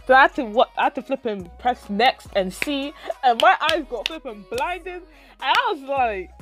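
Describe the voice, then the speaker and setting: High, lively young woman vlogger. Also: normal speed, music in the background. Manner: dramatic, swears, acts out reactions. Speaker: YouTube vlogger. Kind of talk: animated storytime retelling.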